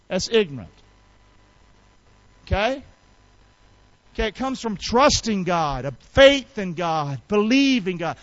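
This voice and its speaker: A man preaching a sermon in a folksy, colloquial way, calling on the congregation to repeat after him and rising to shouts. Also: sits high, dry recording, lo-fi sound. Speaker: pastor.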